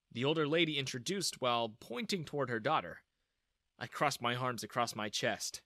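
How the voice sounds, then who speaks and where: Expressive male storyteller, bright tone, lively pitch, dry booth sound. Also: fairly quick, no echo. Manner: dramatic, expressive. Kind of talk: first-person story narration.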